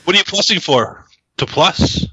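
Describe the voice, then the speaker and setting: A man with a very bright, forceful voice co-hosts a casual podcast, teasing and joking through the banter. The sound is dry and close, with a slightly dull lo-fi tone. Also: high-pitched, expressive, normal speed, breathy edge, no room sound. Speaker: podcast co-host. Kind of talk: casual chat about card games.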